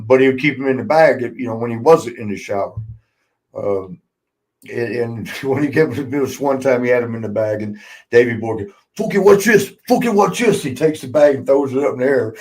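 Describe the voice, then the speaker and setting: An older man spins backstage stories in loose, casual podcast talk. He laughs a lot and swears freely, and he acts out the people he quotes. His voice sits at a middle pitch. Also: a little mellow. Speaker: podcast host, former wrestler. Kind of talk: casual storytelling chat.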